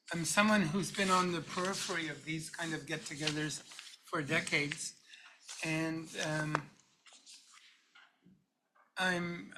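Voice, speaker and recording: A man in his fifties or older gives a personal tribute in a university hall. His voice is bright and sits a little high for a man. He speaks warmly but haltingly, repeating words as he restarts. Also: a little hiss or hum.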